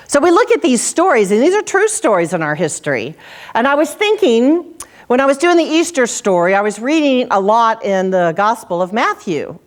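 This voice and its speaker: A woman minister preaching a sermon, telling stories with dramatic pauses and dropping low for quoted lines. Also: big pitch swings. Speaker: senior minister. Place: church sanctuary.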